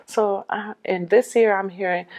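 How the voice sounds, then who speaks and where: A middle-aged widow giving a personal testimony, telling her story in an animated way and acting out the dialogue. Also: medium pitch, measured pace, dull audio.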